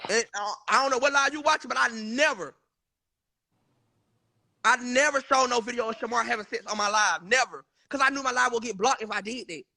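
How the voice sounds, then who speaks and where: A man's voice: extremely high pitch, a little fast, vocal fry, sharp tone. A man, arguing heatedly and insistently on a live stream, swearing oaths and cursing often.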